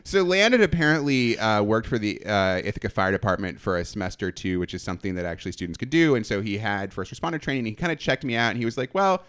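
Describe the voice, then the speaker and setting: A man's voice: on the low side, lively intonation, fast, few pauses, a bit bright, clean tone. A man telling a self-mocking story from his college days in a casual chat, laughing often. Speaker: podcast storyteller.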